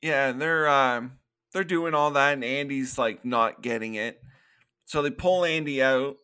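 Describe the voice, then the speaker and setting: Bright-voiced man recapping a movie. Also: medium pitch, clear, resonant tone. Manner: retells scenes with quick acted-out quotes and laughs. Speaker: podcast co-host. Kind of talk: casual movie recap chat.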